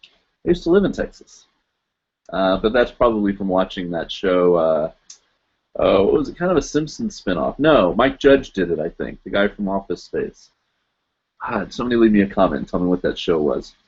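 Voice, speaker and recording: Host, man in his 40s, lowish voice, loose and chatty, laughs at himself, dull lo-fi desk mic. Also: big pitch swings, normal speed, a little mellow, slightly rough. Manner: rambling and self-mocking, chuckling often. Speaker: live stream host. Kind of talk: casual live-stream chat.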